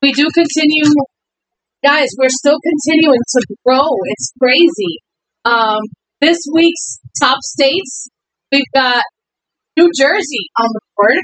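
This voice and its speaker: A woman co-hosting a casual podcast, playful and teasing, laughing often as she reads out listener shout-outs. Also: high voice, slow pace, dry recording, poor audio. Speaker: podcast co-host.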